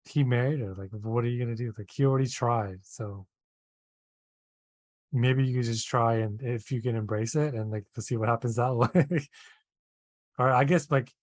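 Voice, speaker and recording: A man's voice: medium pitch, moderate pace, pauses often, no room sound. A man co-hosting a casual chat, hesitant and full of fillers, laughing often. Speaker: podcast co-host.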